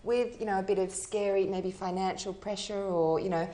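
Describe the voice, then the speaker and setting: A woman's voice: medium pitch, steady tone, moderate pace, warm tone, echoey room. An English woman speaking earnestly and reflectively as a guest on a parenting panel. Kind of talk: casual panel chat.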